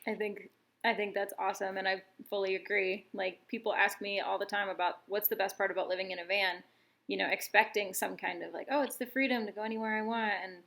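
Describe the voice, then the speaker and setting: A woman's voice: medium pitch, level tone, fairly quick, creaky, fairly bright tone. A woman chatting casually and enthusiastically on a podcast, swearing freely. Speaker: guest van dweller.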